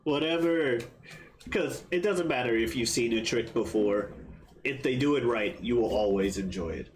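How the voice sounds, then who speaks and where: A man co-hosting a casual movie review chat, animated and quick to laugh, with playful asides. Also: medium pitch, slight background noise. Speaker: podcast co-host.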